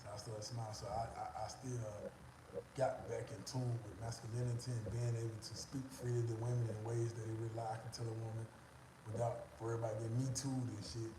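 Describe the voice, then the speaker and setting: A man rambles through a casual live-stream monologue, repeating himself and swearing freely between fillers. His voice sits at an ordinary middle pitch. He is captured on a phone in a restaurant, with a noticeable echo and steady background noise. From United States. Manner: rambling and repetitive, profane, heavy on fillers. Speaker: vlogger going live.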